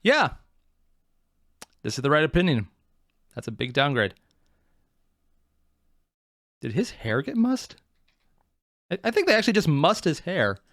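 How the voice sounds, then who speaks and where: A man's voice: on the high side, a little slow, pauses often, no room sound, studio quality. A man hosting a reaction video, talking casually and sarcastically with rambling asides, self-mockery and frequent swearing. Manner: animated and sarcastic, swears freely.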